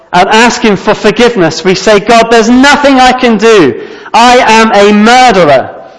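A man preaches with earnest emphasis, repeating his key phrases. His voice sits high for a man. A long reverb trails each phrase. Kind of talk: sermon.

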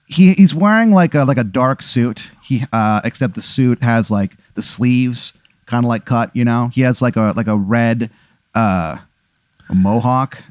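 A man improvising a comedy story in a rambling, animated way, full of fillers. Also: mid-range voice, measured pace, no echo.

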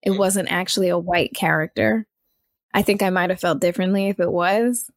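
A woman in casual discussion, speaking in a measured, deliberate way. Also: fairly low pitch, fairly even intonation, dry recording, clean studio sound. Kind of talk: casual chat.

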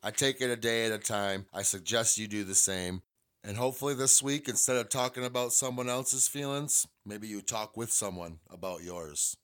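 A man's voice: on the low side, normal speed, fairly bright tone. Profane blunt man hosting a podcast. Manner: profane, blunt, candid storytelling. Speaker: podcast host. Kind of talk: solo podcast monologue.

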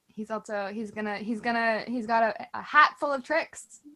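A woman's voice: fairly high pitch, normal speed, bright, forceful tone. A woman co-hosting a casual podcast about knitting, chatty and self-deprecating, often laughing. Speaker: podcast co-host. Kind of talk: casual chat.

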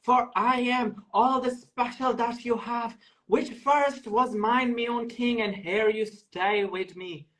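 A man voicing Caliban, a gruff island monster-man, in a hammy Shakespeare recital with mock accents. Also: on the high side, fairly bright tone, poor audio. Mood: hammy, theatrical. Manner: mock accents hammed up, slow theatrical delivery.

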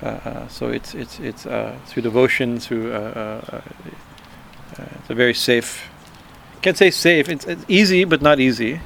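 A man giving an informal spiritual talk, halting and repeating himself, often checking in with a quick "right?" and chuckling as he explains. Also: mid-range voice, creaky, a bit bright, a little hiss or hum. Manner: halting, repeats words, frequent "right?" asides. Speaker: spiritual teacher.

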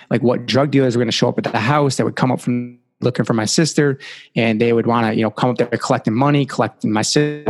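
A man's voice: medium pitch, big-room sound. Earnest young man telling his life story. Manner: earnest, heavy use of "like" and "you know". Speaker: podcast guest. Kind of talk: personal storytelling.

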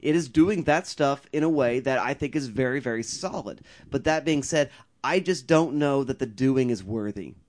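A man's voice: medium pitch, animated, normal speed, a little mellow. A man co-hosting a movie podcast, giving a hedging, thoughtful opinion in casual chat. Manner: thoughtful, hedging, self-aware. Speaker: podcast co-host.

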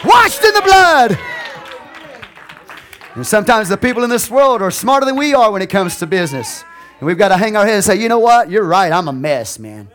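Male pastor, somewhat high voice, preaching style that swings from hush to shout. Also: sing-song, fast talker, some chatter behind. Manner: laughs often, talks to the congregation. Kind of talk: sermon. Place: church.

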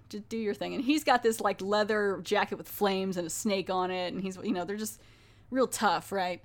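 Casting: woman podcast host, casual chatty recap, mid pitch, lively storytelling. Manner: chatty, animated retelling with quoted voices. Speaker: podcast host reviewing a TV episode.

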